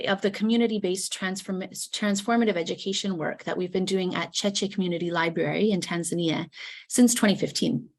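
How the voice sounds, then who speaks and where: A woman researcher gives a prepared academic presentation over a video call. She speaks formally and articulately, as if reading from a text. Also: medium pitch. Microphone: video call microphone.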